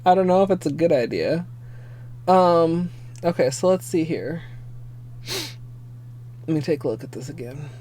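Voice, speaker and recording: A young adult woman streamer chatting casually at home, excitable and given to swearing, teary-eyed and sniffling. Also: low-pitched, normal speed, long pauses, slight background noise. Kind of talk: casual livestream chat.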